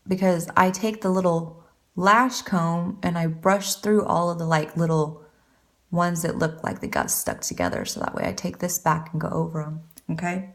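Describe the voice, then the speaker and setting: Chatty, rambling woman with a lowish voice. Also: expressive, normal speed. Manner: chatty, rambling, self-deprecating. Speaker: beauty vlogger. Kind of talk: casual makeup tutorial chat.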